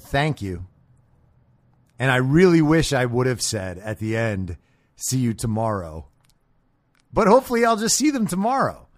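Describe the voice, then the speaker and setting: Male commentary host, blunt and sarcastic, unhurried delivery, dry sound. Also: medium pitch, dry recording. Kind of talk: political commentary monologue.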